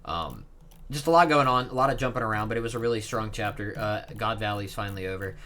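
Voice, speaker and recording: Man, reaction vlogger, casual chatty commentary, lowish voice, bright forceful tone. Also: fast. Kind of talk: reading a comic aloud with casual commentary.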